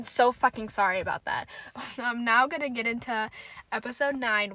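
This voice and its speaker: A young woman with a slightly high voice rambles through a casual solo podcast episode, venting her frustration and swearing freely. The sound is dry and close, with no room around her. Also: sharp tone, dry recording, low-quality recording. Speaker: podcast host.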